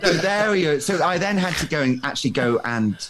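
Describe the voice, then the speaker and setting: Excitable man telling a wild story. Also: a little high, brisk, a little hiss or hum. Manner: excitable, breathless storyteller who laughs often. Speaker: guest. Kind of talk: animated anecdote telling.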